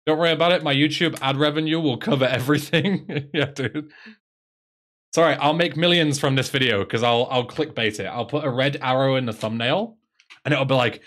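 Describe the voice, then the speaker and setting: A man's voice: medium pitch, brisk, fairly bright tone. A man with an English accent chatting casually on a live stream, sarcastic and swearing freely.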